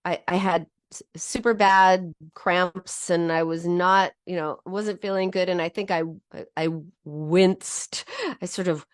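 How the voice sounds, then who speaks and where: A woman's voice: fairly low pitch, steady tone, measured pace, clean tone, dry recording, clean studio sound. A middle-aged woman teaching about binge eating in a heartfelt personal talk, often restarting her sentences. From United States. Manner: earnest and heartfelt, with frequent restarts.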